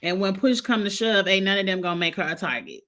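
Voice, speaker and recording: A woman hosts a loose live-chat recap at a medium pitch, talking bluntly and gossiping freely. Her tone is opinionated and unfiltered. She sounds a little stuffy from allergies. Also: fast, fairly bright tone. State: coughing, allergies. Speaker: host.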